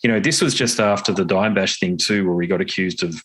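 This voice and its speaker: A man speaks in a somewhat low voice as an interview guest. He tells long anecdotes in an easygoing, chatty way and laughs readily. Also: fast, fairly bright tone, husky. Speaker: podcast guest, guitarist and podcaster. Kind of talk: casual interview chat.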